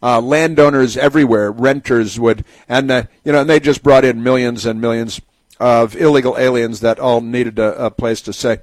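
A man's voice: medium pitch, fairly even intonation, moderate pace, no echo. Sarcastic rambling male talk radio host. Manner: sarcastic, rambling with many fillers and restarts. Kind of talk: opinionated radio monologue.

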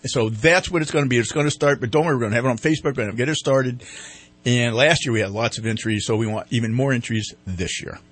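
A man's voice: mid-range voice, fast, a bit bright, breathy edge. A man hosting a casual morning radio show, rambling and poking fun at himself. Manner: rambling, self-mocking, lots of fillers. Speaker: radio host.

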